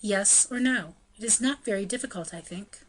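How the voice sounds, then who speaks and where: A commanding young noblewoman from an audiobook, brisk and insistent as she coaxes a friend, read by a woman in an even, mid-pitched voice. She keeps pressing, never letting the matter drop. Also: close to an everyday voice, low-quality recording. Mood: coaxing. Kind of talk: audiobook character reading.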